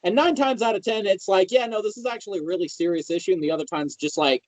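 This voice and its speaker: A man's voice: sits high, fast, darkish tone, no room sound, poor audio. A man hosting a podcast in casual chat, reacting a lot and talking in loose, slangy, swearing speech. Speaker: podcast host.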